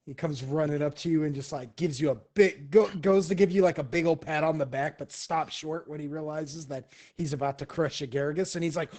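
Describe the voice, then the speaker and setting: A man narrating as game master of a tabletop role-playing game in a relaxed way, laughing often. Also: fairly high pitch, a little fast, hardly any pauses. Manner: relaxed, many fillers and restarts, laughs often.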